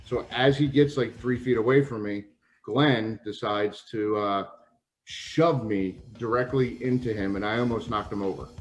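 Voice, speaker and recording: A man guest in a casual interview, telling lively anecdotes and acting out the people he quotes. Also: lowish voice, moderate pace, a little hiss or hum, low-quality recording. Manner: animated anecdotes, acts out quoted voices, swears. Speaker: retired pro wrestler, guest.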